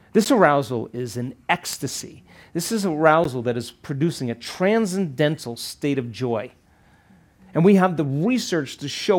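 A man teaching a seminar to a live audience, often checking in with rhetorical questions and acting out quoted voices. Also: on the high side. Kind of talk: live workshop lecture.

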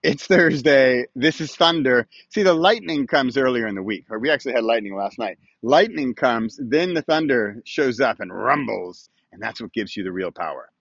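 A man's voice: medium pitch, expressive, moderate pace, gravelly, few pauses, fairly bright tone, no room sound, highs cut off. A man hosting his own weekly video podcast, chatting casually and rambling a little while he films himself outdoors. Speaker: podcast host. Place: outdoors with a morning view.

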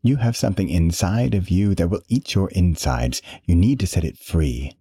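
Snide, menacing tormentor, read by a man, uppity and mocking, dark husky tone. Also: deep voice, animated, no echo, clean studio sound, voice pushed up, exaggerated voice. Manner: sneering, snarky, drawn-out threats.

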